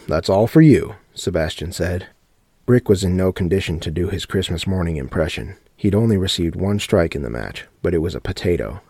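A man narrating a horror story audiobook in a steady, matter-of-fact reading. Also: low voice, no room sound, studio quality.

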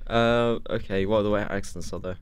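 A man brainstorming a silly script with friends in a deadpan way, steering from scene to scene. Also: on the low side, moderate pace, slight background noise. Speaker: co-writer. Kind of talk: casual comedy brainstorming.

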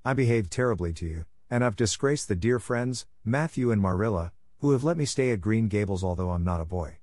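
A man with a voice on the low side, lively intonation and a little mellowness speaks briskly in a dry recording. Reading a storybook, he voices an imaginative, talkative young orphan girl in a dramatic, effusive and earnest way, sounding pleading.

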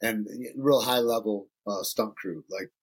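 A man's voice: on the low side, unhurried, slightly rough. A middle-aged man from Northern Michigan, a podcast guest telling casual stories, loose and profane, acting out the voices of people he quotes. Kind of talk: casual storytelling.

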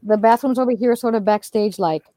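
A woman comedian telling stories as a guest in an animated, chatty way, laughing as she talks. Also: a little high, brisk, dry recording. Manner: expressive, chatty, laughs while talking. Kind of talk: animated storytelling.

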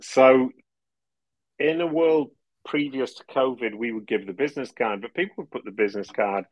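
A medium-pitched man speaks at a moderate pace as a podcast guest, the recording dry and dull. He chats casually in a casual interview, explaining things in long runs, laughing often and restarting phrases.

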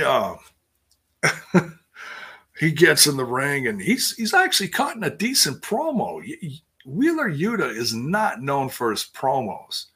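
A man with a husky, bright-edged voice talks through a wrestling recap in a loose, rambling way. He restarts his sentences often and jumps up in pitch when he acts out what people said. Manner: rambling and self-interrupting, acts out quotes in a higher voice. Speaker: wrestling show recap host. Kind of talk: casual wrestling recap chat.

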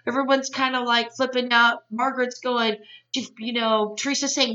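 A woman hosting a podcast, recapping a reality show in a gossipy, excitable way and retelling scenes with quoted voices. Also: on the high side, normal speed. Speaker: podcast host. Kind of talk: casual recap commentary. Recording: dull lo-fi sound, mic at a distance.

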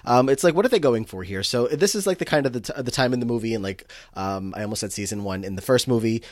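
A man's voice: mid-range voice, fast talker, no room sound, studio quality. A man co-hosting a movie recap podcast, talking in a loose, rambling way with lots of fillers and restarts. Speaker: podcast co-host. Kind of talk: casual chat.

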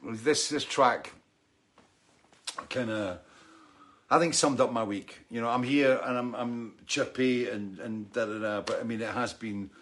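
A man's voice: mid-range voice, a little slow, fairly bright tone, a little hiss or hum. A man hosting a casual livestream chat, rambling and swearing, with many "you know"s. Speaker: show host.

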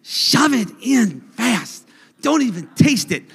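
A man's voice: very high-pitched, big pitch swings, slow pace, fairly bright tone, slightly rough, pitched above the performer's own voice, heavily acted. A preacher putting on pushy King Stomach. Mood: coaxing. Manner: coaxing, pushy commands. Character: tempting male King Stomach urging gluttony. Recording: long church hall reverb.

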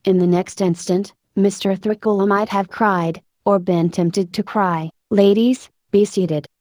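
A woman narrating a story aloud in a measured, expressive audiobook style. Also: medium pitch, no echo.

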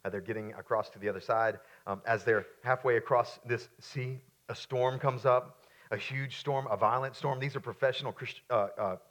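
A male pastor preaching a sermon. He is emphatic, repeats key lines, and drops into quieter, casual asides while telling a story. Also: mid-range voice, fairly even intonation, moderate pace.

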